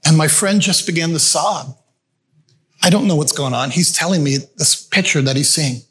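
A man's voice: on the high side, normal speed, a bit bright. A male pastor preaching a sermon in a conversational storytelling way, calling his listeners friends. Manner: conversational, addresses the audience as friends. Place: church meeting room with a screen.

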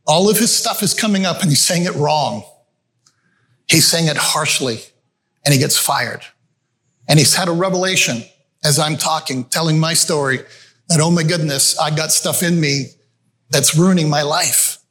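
A man's voice: fairly high pitch, moderate pace, a bit bright. A male pastor preaching a sermon in a conversational storytelling way, calling his listeners friends. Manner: conversational, addresses the audience as friends. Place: church meeting room with a screen.

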